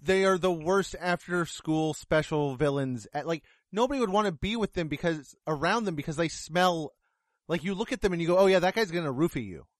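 A man's voice: on the high side, moderate pace, no echo, clean studio sound. A man giving a casual, blunt and profane movie review, sarcastic about what he dislikes. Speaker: film reviewer.

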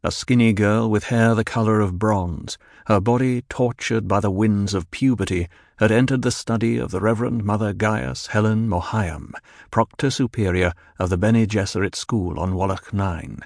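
A man narrating a novel in a measured, steady storytelling voice. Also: fairly low pitch, creaky, no room sound, studio quality. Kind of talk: audiobook narration.

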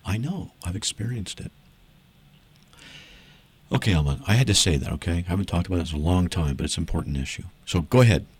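A man's voice: low voice, animated, quick pace, pauses often, slightly rough. A man hosting a Christian call-in radio show, talking emphatically and in a preachy way, his voice climbing sharply when he argues.

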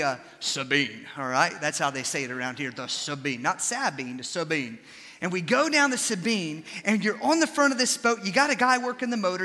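A young adult man preaching a sermon, switching between scripture and animated, folksy storytelling asides. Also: sits high, big-room sound.

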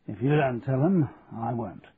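A man's voice: mid-range voice, a little slow, close to an everyday voice. Brief: male reader as a courteous, persuasive young London man, lo-fi phone-like sound. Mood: earnest. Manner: polite and persuasive. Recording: tinny lo-fi radio recording, faint hiss.

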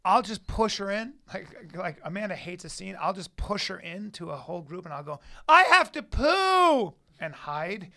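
High-ish gravelly guy telling dumb stories, keeps cracking up. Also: moderate pace, few pauses. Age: adult. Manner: laughs through his own stories, crude and animated. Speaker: podcast co-host. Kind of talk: casual chat.

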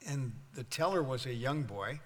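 An older man preaching a sermon as pastor, joking through a story and then building into loud, fervent preaching. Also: mid-range voice, lively intonation, normal speed. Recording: long hall reverb.

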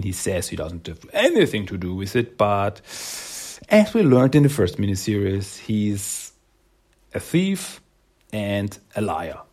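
Gravelly, husky male podcast host. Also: fairly low pitch, a little mellow. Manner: rambling, upbeat, many fillers. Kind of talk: casual solo podcast talk.

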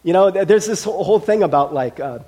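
A male pastor preaches in a chatty, conversational way, laughing often between points. His voice sits fairly high and swings widely as he gets animated, with plenty of fillers along the way. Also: fast talker. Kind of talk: sermon.

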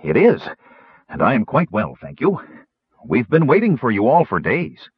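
A man's voice: medium pitch, wildly swooping pitch, normal speed, breathy edge, dry recording. A man voicing a cheerful, chatty little male gnome in an audiobook. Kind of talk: audiobook character voice. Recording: slightly muffled recording.

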